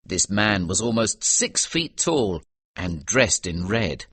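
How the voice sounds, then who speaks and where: Lively, bright British male narrator. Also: on the low side, slow pace. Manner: clear, even storytelling pace. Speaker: audiobook narrator. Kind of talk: scripted audiobook narration for learners.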